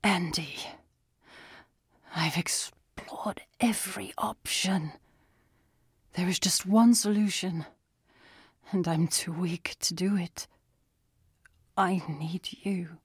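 A woman voicing a weary, remorseful man under a curse, speaking in a quiet, resigned whisper. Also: fairly high pitch, steady tone, slow, vocal fry, slightly rough, no room sound, studio quality, full character voice.

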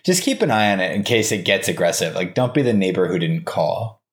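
A man's voice: low voice, big pitch swings, a little fast. A man chatting as a guest on a podcast, playful and teasing, inventing fake facts with a straight face. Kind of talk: casual chat.

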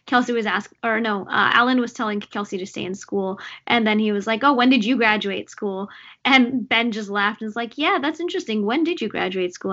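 A young woman chatting casually about a movie, animated and full of fillers. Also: mid-range voice. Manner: animated, lots of fillers and laughter. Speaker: co-host discussing a movie. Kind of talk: casual chat. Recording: dull lo-fi sound.

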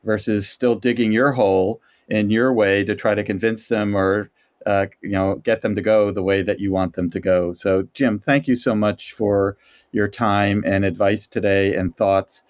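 A man's voice: lowish voice, little pitch movement, normal speed. A man hosting a podcast interview, summarizing advice politely and giving the sign-off. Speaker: podcast host. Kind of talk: interview and outro.

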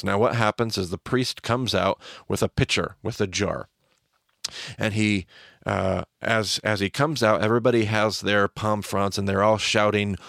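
Man teaching through a story, gravelly voice, low, dry close sound. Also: steady tone, moderate pace, fairly bright tone, no echo. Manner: vivid storyteller, voices the crowd's chants. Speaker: teacher and podcast host.

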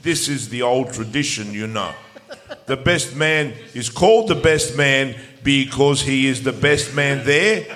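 A man's voice: mid-range voice, a bit bright. A man doing a pompous boaster. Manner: grandiose, formal, chuckling. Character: pompous boastful male racer, self-proclaimed best man. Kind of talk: comic impression reading a message.

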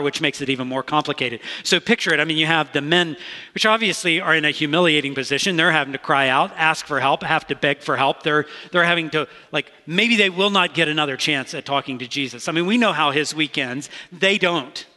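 A man's voice: on the high side, brisk, sharp tone. A man preaching a sermon as pastor, talking in an earnest, conversational way with frequent restarts. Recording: long reverb of a large hall.

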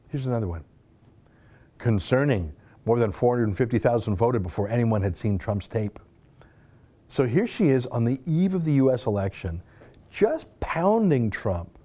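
Sarcastic man with mellow voice. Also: medium pitch, animated, normal speed. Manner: sarcastic, mocking, scoffs and laughs while reading. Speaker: political commentator. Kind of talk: opinion monologue reading tweets aloud.

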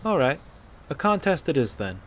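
A man's voice: on the high side, very animated, normal speed, a little hiss or hum, voice pushed up. A man voicing a bold, teasing young Nord huntress in a fan-fiction audiobook, brash and taunting. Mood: boastful.

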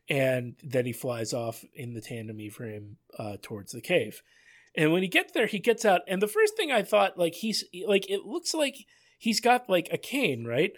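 A man's voice: fairly high pitch, sing-song, a little slow. A man co-hosting a podcast, recapping a cartoon episode in casual chat, with lots of fillers, restarts and chuckles. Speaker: podcast co-host.

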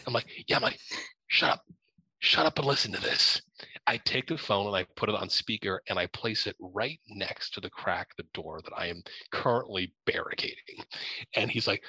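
A young man from Ohio telling a spooky story in a lively way, laughing and acting out his own lines. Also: fairly low pitch, a little slow, husky, dry recording, low-quality recording. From Ohio, USA. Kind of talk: animated storytelling.

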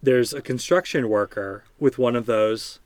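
A man co-hosting a podcast, telling a story in casual chat with halting restarts. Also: mid-range voice, darkish tone, no echo. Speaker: podcast co-host.

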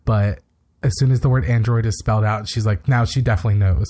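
A man's voice: on the low side, steady tone, fast, dark tone. A man co-hosting a podcast, casually recapping a TV episode and retelling scenes with quoted lines and plenty of fillers. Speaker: podcast co-host.

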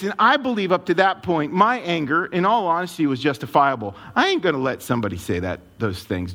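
Male pastor, sermon, animated storyteller, slightly high voice. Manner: storytelling, animated, wears emotions openly.

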